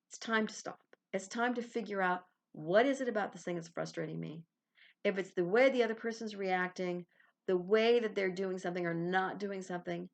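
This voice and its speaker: A woman's voice: medium pitch, gravelly. Woman giving a chatty self-help talk. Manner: animated, laughs often, acts out little quoted exchanges. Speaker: podcast host.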